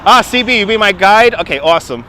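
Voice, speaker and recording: Filmed on a gimbal-mounted phone, this livestream host with a Brooklyn accent chats casually from a city waterfront, laughing often and thanking donors. He talks fast in a high, animated, pushed and bright voice. A little hiss or hum sits in the background.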